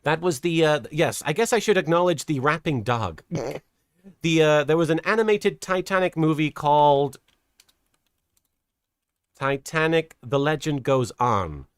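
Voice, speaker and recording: At a desk microphone, a streamer and host with a fairly high voice comments casually on a livestream, chatting, rambling, laughing often, and poking fun at himself. The recording is dry with clean studio sound.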